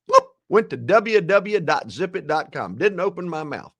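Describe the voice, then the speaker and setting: Man in his sixties, high voice, very lively pitch, dramatic storyteller, acts out quotes. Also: moderate pace, hardly any pauses. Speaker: guest, ethics speaker. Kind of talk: animated storytelling.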